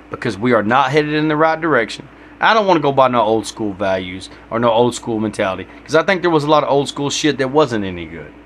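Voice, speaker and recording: A man's voice: mid-range voice, fairly bright tone, a little hiss or hum. A man hosting a solo podcast, ranting bluntly with heavy profanity in a preachy tone. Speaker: podcast host.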